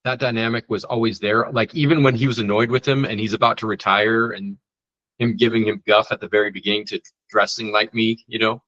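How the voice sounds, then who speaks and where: A man co-hosting a casual movie podcast, loosely retelling scenes in a relaxed way. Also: lowish voice, fast talker, muffled recording. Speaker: podcast co-host. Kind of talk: casual movie review chat.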